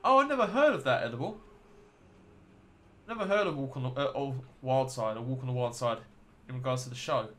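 A man's voice: mid-range voice, lively intonation, fairly quick, a bit bright. An American man streaming a game live, chatting casually and rambling to his viewers. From United States.

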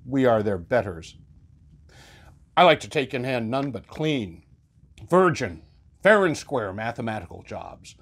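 A man voicing a fussy, proud old male ship's carpenter who mutters low complaints.

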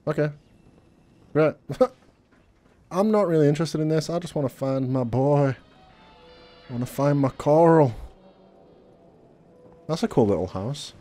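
Easygoing gamer, warm voice. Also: male voice, fairly high pitch, lively intonation, a little slow, long pauses, soft background music. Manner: rambling, easygoing, many fillers. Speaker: gaming video host. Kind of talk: casual let's play commentary.

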